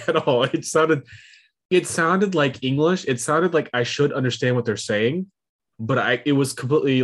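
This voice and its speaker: A man co-hosting a casual podcast chat, talking in a relaxed way with lots of fillers. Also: mid-range voice, breathy edge. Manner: relaxed, filler-heavy talk. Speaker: podcast co-host.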